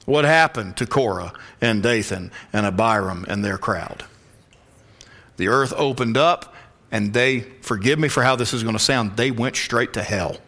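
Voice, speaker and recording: A male pastor preaching an expository sermon, emphatic, sometimes dropping to a hushed whisper for stress. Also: fairly low pitch, normal speed.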